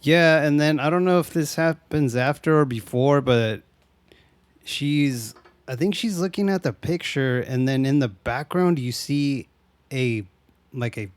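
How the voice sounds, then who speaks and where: A man's voice: on the high side, unhurried, clear, resonant tone, no echo. Casting: man co-host, slangy laid-back recap, dry close sound. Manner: slangy, laughs often, says dude. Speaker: podcast co-host. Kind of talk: casual movie recap chat.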